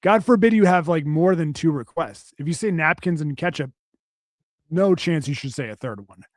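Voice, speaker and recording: A man's voice: a little high, expressive, normal speed, no room sound. Male podcast co-host, casual ranter, curses freely, dry studio sound. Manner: profane, ranting, rambling with restarts.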